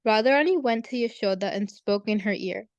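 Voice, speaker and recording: A woman's voice: medium pitch, brisk, no room sound, muffled recording. A woman steadily reading a devotional story aloud to a group.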